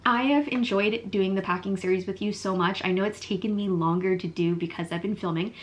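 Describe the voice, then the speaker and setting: A woman's voice: mid-range voice, fairly even intonation, a little fast, slight background noise. A woman in her thirties chatting casually to her vlog audience at home, bubbly and laughing often. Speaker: vlogger. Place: home kitchen and vanity.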